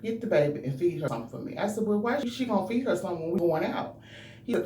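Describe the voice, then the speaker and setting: A woman's voice: deep voice, warm tone, recorded from a distance. A woman vlogger, telling a personal story earnestly and talking straight to her viewers. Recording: roomy, from off the mic, faint hum.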